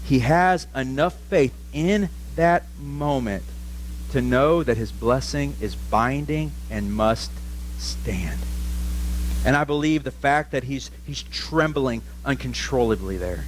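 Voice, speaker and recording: A man's voice: mid-range voice, slow pace, a little hiss or hum. A male pastor preaching a sermon, telling a story with animation and questions for the congregation.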